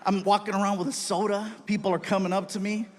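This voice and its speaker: A man performing a stand-up comedy routine, telling a story with lively acted-out voices and sudden loud bursts. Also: high-pitched, quick pace. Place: live comedy stage.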